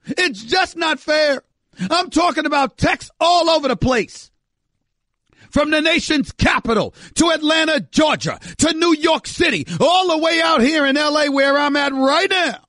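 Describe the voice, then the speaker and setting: A male sports radio host with a very high, bright, forceful voice, recorded dry and close in a studio. He rants emphatically, circling back on the same phrases for effect. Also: expressive, moderate pace, no room sound. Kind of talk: sports talk radio monologue.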